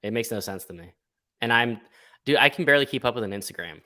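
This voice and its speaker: A man chatting as a guest on a podcast, animated and casually profane, acting out little quotes as he talks. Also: mid-range voice, fast talker. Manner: animated storyteller, swears casually, acts out quotes. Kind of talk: casual chat.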